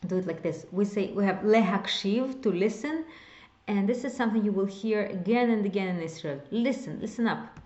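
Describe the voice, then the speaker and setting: A woman's voice: medium pitch, dark tone, reverberant, dull audio. A woman teaching a beginners' language lesson, explaining step by step and repeating example phrases. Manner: explains slowly, repeats example phrases, whispers some words to demonstrate. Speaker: Hebrew teacher.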